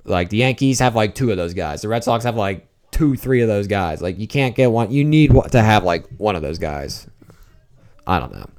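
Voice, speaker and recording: Rambling, excitable lower-voiced man. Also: moderate pace. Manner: rambling, excitable, swings between nervous mutters and outbursts. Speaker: solo podcaster. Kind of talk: casual live reaction to a football game. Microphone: talking into a microphone at home late at night.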